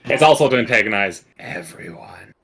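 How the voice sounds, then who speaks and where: A man playing a tabletop game, describing his character's actions in an expressive way. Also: lowish voice, moderate pace, gravelly, breathy edge. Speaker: player. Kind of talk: casual game talk.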